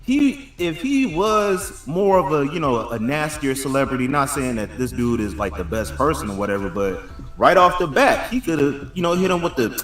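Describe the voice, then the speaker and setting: A man's voice: a little high, sing-song, normal speed, a bit bright, reverberant, recorded from a distance, faint music behind. A man chatting casually as a co-host on a livestream, loose and hedging, full of fillers.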